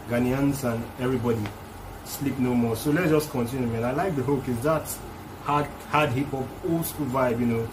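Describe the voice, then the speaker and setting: A man's voice: medium pitch, background noise. A man hosting a music reaction video, casually explaining rap lines one by one in a loose, chatty way.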